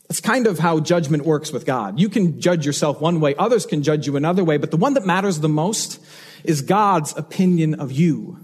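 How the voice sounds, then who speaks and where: A man's voice: on the high side, fairly quick, a little mellow, slightly rough. A man preaching a sermon as pastor, earnest and emphatic, repeating key phrases for weight.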